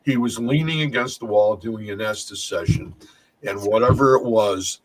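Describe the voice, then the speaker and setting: A man's voice: lowish voice, moderate pace, slight background noise, low-quality recording. A man telling paranormal stories in a casual chat, rambling and restarting his sentences often. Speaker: paranormal investigator.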